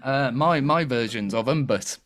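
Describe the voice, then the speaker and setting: A man's voice: medium pitch, a little slow, a bit bright. A man hosting a comedic panel quiz show in a cheeky, chatty way, laughing often.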